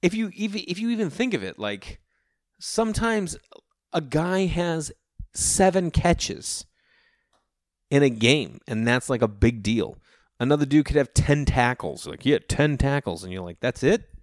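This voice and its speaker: A man from the Boston area telling rambling casual stories, jumping into animated voices for the people he quotes. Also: fairly high pitch, a little slow, dry recording, clean studio sound. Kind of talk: casual storytelling monologue.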